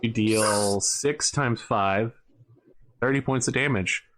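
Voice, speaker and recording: A man narrating as game master of a tabletop mech game, telling the action in a wry, lively way. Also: mid-range voice, slow pace.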